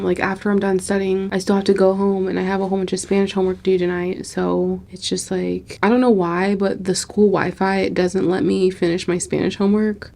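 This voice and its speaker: A tired young woman vlogging to a camera held close in a library, her voice gravelly with a lot of fry. She talks candidly and wearily, venting about burnout and swearing freely, at an ordinary middle pitch. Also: a little mellow. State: tired, burnt out. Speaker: nursing student vlogger. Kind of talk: casual vlog talk to camera. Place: indoors in a library.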